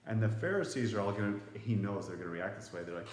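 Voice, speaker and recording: A man's voice: lowish voice, animated, fast, a little mellow. A man teaching a Bible lesson to students in a casual, conversational way. He explains the passage, reads verses aloud, and asks the class questions. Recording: roomy echo.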